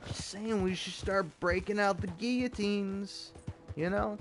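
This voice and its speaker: A man's voice: sits high, normal speed, gravelly, soft background music. A young American man ranting with heavy profanity and stammered restarts while commenting over gameplay. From United States. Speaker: gaming YouTuber.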